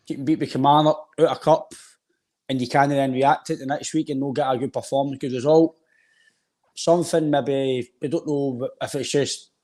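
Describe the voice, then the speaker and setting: A man's voice: fairly high pitch, darkish tone. A Scottish man co-hosting a football podcast, rambling conversationally with a sore throat. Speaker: podcast co-host. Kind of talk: casual football chat.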